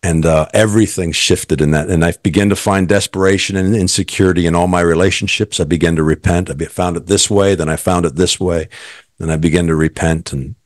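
A man's voice: deep voice, fairly even intonation, brisk, no room sound, studio quality. A middle-aged man, a guest, earnestly telling his personal faith story and quoting what others said.

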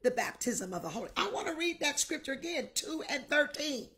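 A middle-aged woman bishop preaching a Pentecostal sermon, crying out in tongues, shouting and weeping, then dropping to a whispered appeal. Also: high voice, sing-song, a little fast, slight background noise. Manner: drops to intimate whispered exhortation.

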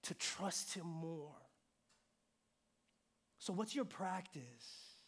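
High-voiced man preaching with big swings. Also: very slow, breathy edge. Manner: animated preaching, swinging from loud shouts to hushed whispers; informal and humorous, slipping into playful voices. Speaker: pastor. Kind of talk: sermon. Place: church hall before a young adult congregation.

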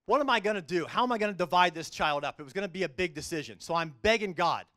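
Brief: middle-aged man, judge giving a faith talk, high voice, earnest animated storyteller. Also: quick pace. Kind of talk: faith-based speech to a business group.

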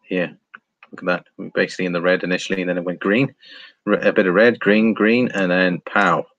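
A man's voice: sits low, fairly even intonation, fairly quick, a bit bright, no echo, muffled recording. Chatty man reading live chat. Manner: chatty, reads viewer comments aloud, laughs often, trails off. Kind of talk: casual live stream chart commentary.

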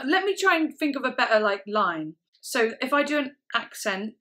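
A woman hosts a music reaction channel, chatting enthusiastically and casually while breaking down singing technique, with lots of "like" fillers. Her voice sits high, very animated and bright with a forceful tone, at normal speed. Faint music plays in the background.

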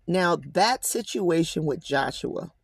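A man's voice: on the high side, animated, slow pace, gravelly, slightly rough, no room sound. A man reading scripture aloud and commenting on it in a casual, emphatic way, often addressing listeners as guys. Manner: emphatic, slangy asides. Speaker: Bible commentator.

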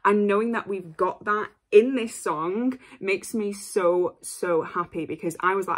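A woman hosting a reaction video, chatting casually and gushing with quick bursts of excitement and apologies. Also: medium pitch.

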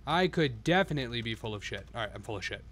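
In a fast, animated, mid-range voice with a fairly bright tone, a live streamer comments on his gameplay. He curses nonstop and keeps talking to himself throughout.

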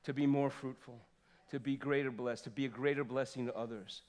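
A man in his fifties preaching a sermon in a church, swinging from loud exclamations to soft asides. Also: mid-range voice, steady tone, brisk. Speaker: pastor. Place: church sanctuary.

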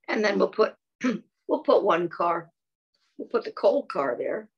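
A woman reading and singing to young children in a gentle voice, often asking them questions and clearing her throat. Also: mid-range voice, very animated, slow, lo-fi sound. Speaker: children's storyteller.

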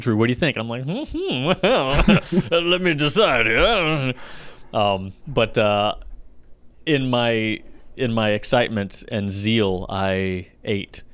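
A man co-hosting a podcast, telling personal stories in animated casual chat. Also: fairly low pitch, clean tone, no room sound. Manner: animated storytelling, laughs easily. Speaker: podcast co-host.

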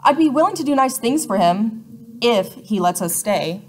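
A woman's voice: fairly high pitch, lively intonation, moderate pace, slight background noise, close to an everyday voice. A woman reading an audiobook and voicing a mischievous young boy with a taste for drama.

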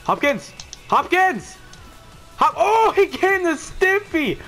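A young man narrates his own football game in a high, wildly swinging voice. He mutters low, then bursts into shouts and laughter. Game music plays faintly underneath. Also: big pitch swings, takes it slowly. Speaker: gaming video host. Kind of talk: excited gameplay commentary.

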